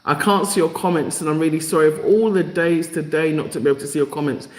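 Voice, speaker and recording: Live stream host, male, emotional and rallying, somewhat high voice, echoey room. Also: steady tone, fast talker. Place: home in Africa.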